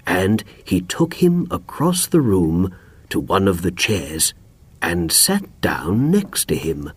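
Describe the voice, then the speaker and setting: A man narrating a graded-reader story slowly and expressively. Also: sits low. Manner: slow, clear, expressive. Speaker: audiobook narrator. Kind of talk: scripted narration for learners.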